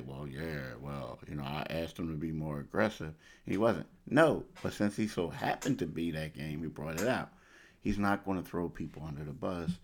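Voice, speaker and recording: A man's voice: fairly low pitch, creaky. A man hosting a sports talk show, speaking casually and conversationally, often repeating himself for emphasis. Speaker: sports podcast host.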